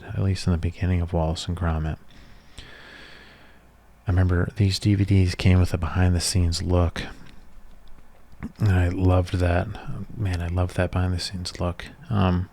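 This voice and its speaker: An ASMR creator in his thirties speaks softly in a deep, low, easygoing voice. He rambles casually and with a nostalgic air.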